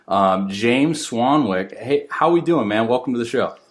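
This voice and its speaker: A man's voice: medium pitch, expressive, a little slow. A man hosting a podcast in casual chat, upbeat and full of fillers like "um" and "like". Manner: filler-heavy, with many likes and ums. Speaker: podcast host.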